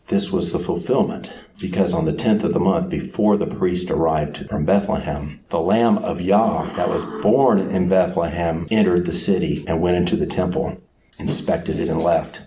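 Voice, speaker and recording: A man preaching a sermon who tells the story dramatically, sometimes acting out crowd voices with sudden shouts. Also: low-pitched, steady tone, normal speed, slight background noise.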